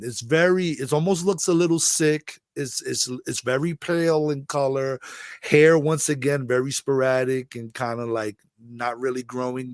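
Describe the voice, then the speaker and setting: A middle-aged man from the Bronx tells a long personal story, his voice sitting at an ordinary mid pitch. He rambles and backtracks, leaning on fillers as he searches for words. The sound is dry, with no room echo. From the Bronx, New York. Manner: rambling, halting, with many "like" fillers and restarts. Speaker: interview guest. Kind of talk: storytelling interview.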